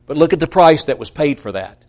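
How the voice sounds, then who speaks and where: Male preacher, slightly high voice, earnest sermon delivery, acts out the voices he quotes. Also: expressive, a little fast. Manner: earnest, rising to emphatic peaks, trailing off quietly.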